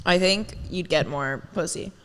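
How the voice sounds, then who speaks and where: A woman's voice: lowish voice, measured pace, big-room sound, slight background noise. A woman co-hosting a podcast in casual chat, laughing often and joking crudely. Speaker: podcast co-host.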